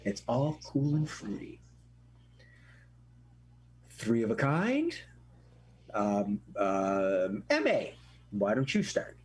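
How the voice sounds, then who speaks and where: A man's voice: lowish voice, huge pitch swings, slow pace, long pauses, darkish tone, slightly rough. A man hosting a live improv comedy show, explaining the games with playful laughs.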